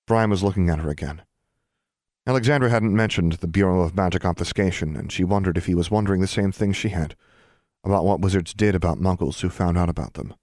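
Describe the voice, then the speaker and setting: A man narrating an audiobook in a measured storytelling manner. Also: sits low, a little mellow, no echo, clean studio sound. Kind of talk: scripted narration.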